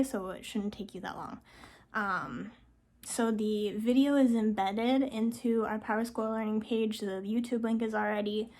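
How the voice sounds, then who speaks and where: Casual woman teacher giving reminders. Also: mid-range voice. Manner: casual, with frequent ums, firm reminders. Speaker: French teacher. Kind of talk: recorded class announcement.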